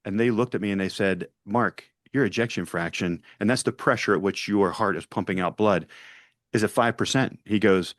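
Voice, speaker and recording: A man's voice: fairly low pitch, moderate pace, no room sound, clean studio sound. A man in his forties, a podcast guest, earnestly telling a personal story and acting out the dialogue.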